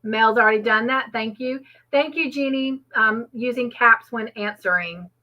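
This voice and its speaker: A woman's voice: fairly high pitch, normal speed. A woman hosting a casual live trivia stream from home, chatty and laughing often as she thanks viewers by name. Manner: chatty, laughs often, reads chat names aloud. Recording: dull lo-fi stream audio.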